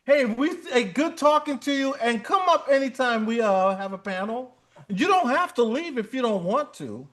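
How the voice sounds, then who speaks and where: A male livestream host who chats casually and keeps teasing his guests, often breaking into laughter. His voice is very high for a man and swings widely in pitch. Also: lively intonation, moderate pace, a bit bright. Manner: joking and teasing, laughs a lot.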